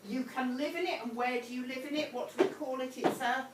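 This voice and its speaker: A woman's voice: sits high, fairly quick, very noisy. A woman teaching a primary class, encouraging and repeating her prompts, calling pupils sweetheart. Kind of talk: whole-class phonics lesson. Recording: echoey classroom from far off.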